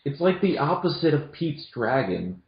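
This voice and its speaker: A man co-hosting a casual film review chat, giving blunt opinions in an animated way. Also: a little high, moderate pace. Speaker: co-host. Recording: dull lo-fi sound in a roomy echo.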